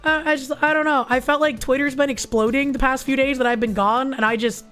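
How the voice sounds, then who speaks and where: Faint music plays under a woman VTuber whose high, fairly bright voice is steady and brisk but raspy and husky, worn down from recent illness. She reads super chats in a casual livestream, swearing a lot and speaking crudely.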